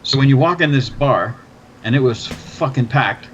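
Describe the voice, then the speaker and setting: A man spins a bar story in loose, profane chat, getting more animated as he goes. His recording sounds a little muffled, with a faint hiss of noise behind him. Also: medium pitch, moderate pace. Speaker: podcast host. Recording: slightly dull, faint background noise.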